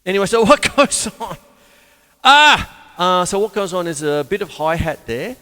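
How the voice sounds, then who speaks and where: An older man, giving a casual spoken drum lesson, chatty and self-mocking with sudden loud exclamations. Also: high voice, brisk. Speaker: drum teacher. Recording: drum studio with long reverb and loud drums.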